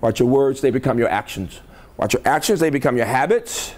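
A man's voice: medium pitch, expressive, a little fast, a little mellow. An older man from the American South, a college president giving a motivational keynote speech in a conference hall, emphatic and rhetorical, often checking in with his audience.

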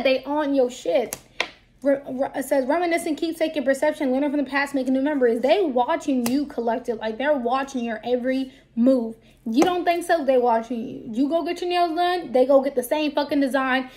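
A woman's voice: sits high, slight background noise. A woman giving a casual tarot card reading to her viewers, talking bluntly and with plenty of profanity. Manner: blunt, profane, lively talk.

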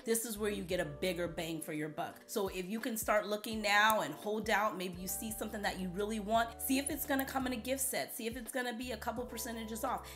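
A woman talks beauty to her camera in a playful, emphatic chatter. Her voice is bright but a little scratchy. Faint music plays underneath. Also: medium pitch. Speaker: beauty vlogger. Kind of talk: casual chat to camera.

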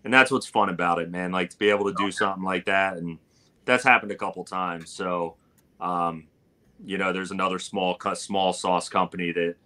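In a casual live-stream interview, the guest, a barbecue cook, talks casually and rambles through a story full of fillers. His voice sits low and steady at normal speed, with a sharp tone.

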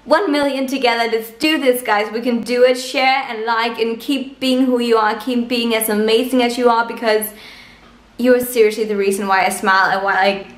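Young danish woman gushing to her viewers, higher voice, camera mic in a bare echoey room. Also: steady tone. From Denmark. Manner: bubbly, gushing, quick asides to viewers. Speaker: beauty vlogger. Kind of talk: casual vlog talk to camera. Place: room at home.

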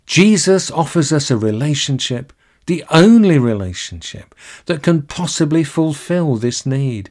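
A male minister giving a recorded sermon in a measured, deliberate way, slowing down to linger on key phrases. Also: on the high side, animated, darkish tone.

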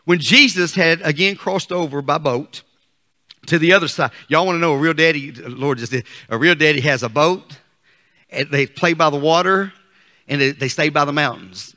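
A male pastor preaching a fervent sermon that rises to shouts, in a church sanctuary. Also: a little high. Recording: long hall reverb.

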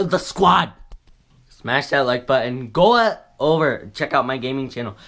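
A man's voice: mid-range voice, a bit bright. A man talking casually as a vlogger to his viewers, rambling in a goofy way and often cutting himself off. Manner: rambling, goofy, self-interrupting. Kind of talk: casual vlog chat.

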